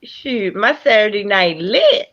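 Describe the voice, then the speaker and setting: A woman hosting a casual live chat on an online call, laughing often and gushing over guests. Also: medium pitch. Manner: slow, laughing, animated. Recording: dull lo-fi online call audio.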